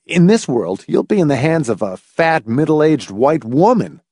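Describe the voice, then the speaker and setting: A man's voice: fairly high pitch, big pitch swings, unhurried, a little mellow, husky, dry recording, studio quality, pitched above the performer's own voice, heavily acted. A man voicing a blunt, sardonic grown man who lectures in a wry, cutting way.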